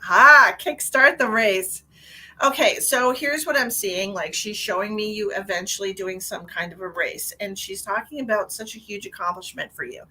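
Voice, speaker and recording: A chatty woman medium on a live stream, talking in a bright, forward voice. She keeps restarting her sentences and scatters "like" everywhere. Her pitch sits in an ordinary middle range. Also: normal speed, few pauses, breathy edge, low-quality recording. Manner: chatty, animated, full of "like" and restarts. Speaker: psychic medium. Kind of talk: live-streamed psychic reading.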